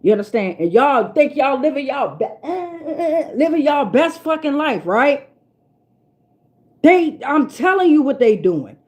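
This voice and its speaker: Woman, tarot reader, casual spiritual vlog, fairly high voice, blunt, preachy and profane. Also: big pitch swings, a little slow, a little mellow. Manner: emphatic, repeats herself for weight.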